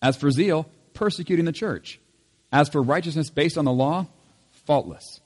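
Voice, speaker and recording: A man serving as pastor, leading a church service with prayer and scripture reading, reading in a measured way and lifting his voice on key lines. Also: a little high, big-room sound. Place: church sanctuary.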